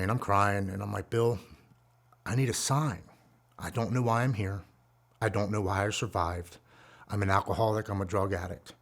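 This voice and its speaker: A low-voiced man in his forties, appearing as a guest speaker, tells his own recovery story. He is earnest, raw and heartfelt as he relives painful memories.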